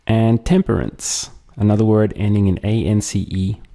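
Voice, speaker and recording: Patient man teaching vocabulary, low mellow voice. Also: steady tone, vocal fry. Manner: slow, patient, drills words and pauses for repetition. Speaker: language teacher. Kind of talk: language lesson.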